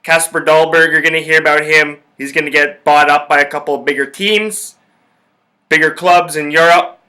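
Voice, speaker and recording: A man's voice: on the high side, steady tone, normal speed, pushed and bright. A young man hosting a sports podcast, ranting about football in a profane, fired-up way. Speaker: podcast host. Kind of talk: casual sports talk.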